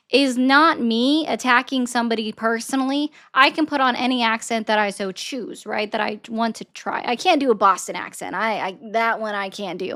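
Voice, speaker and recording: A woman's voice: a little high, fairly bright tone. Defensive woman streamer from the South. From Southern United States. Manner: defensive, explaining to chat. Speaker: livestreamer answering chat. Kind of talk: casual live-stream commentary.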